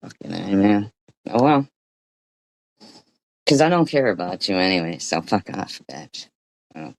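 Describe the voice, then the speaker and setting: A woman streaming an angry reaction, scolding and swearing in a profane rant, with frequent throat clearing. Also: rumbling low, very animated, measured pace.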